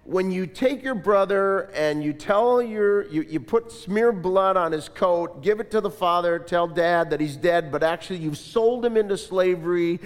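A man preaching a sermon in an animated style, asking the congregation to repeat lines after him. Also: high voice, measured pace, hardly any pauses, big-room sound. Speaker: pastor.

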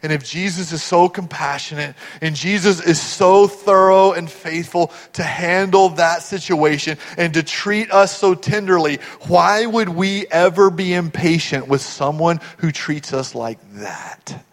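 Middle-aged male pastor, slightly high voice, sermon with hushed asides and rising climaxes, long church-hall reverb. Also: unhurried, hardly any pauses. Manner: swings from hushed, tender asides to loud, rising build-ups.

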